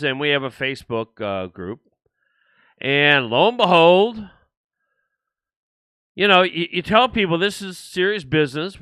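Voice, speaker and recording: A man's voice: a little high, pushed and bright, no echo. Frustrated older man hosting a livestream. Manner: frustrated, rambling, many restarts. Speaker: show host. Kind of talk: solo livestream talk.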